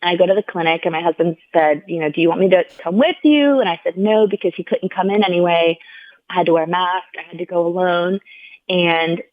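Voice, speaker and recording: A woman's voice: on the low side, fairly even intonation, fairly quick, dry recording. Earnest woman guest on a tinny line. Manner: earnest, heartfelt retelling, heavy use of "like"; acts out the people she quotes in raised voices. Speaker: podcast guest. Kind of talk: personal storytelling in a conversational interview. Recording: tinny phone-like sound, dry.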